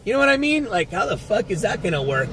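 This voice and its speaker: A man's voice: sits high, sing-song, fast talker, background noise. A man live-streaming from inside a car, chatting casually with viewers, swearing often and rambling. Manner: profane, rambling, talks to his chat. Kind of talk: casual live-stream chat while driving.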